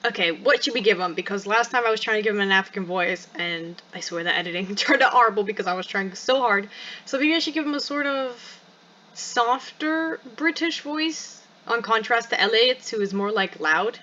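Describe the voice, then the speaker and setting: Excitable young woman reading a game aloud. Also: mid-range voice, moderate pace, lo-fi sound. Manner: chatty and excitable, with asides. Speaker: game streamer. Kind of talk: reading a visual novel aloud with commentary.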